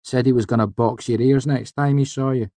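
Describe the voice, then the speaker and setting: A man voicing Willem, a calm, dry-humoured young male student, in an audiobook reading. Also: medium pitch, brisk, dry recording, pitched above the performer's own voice, lightly acted. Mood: deadpan. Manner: flat, deadpan.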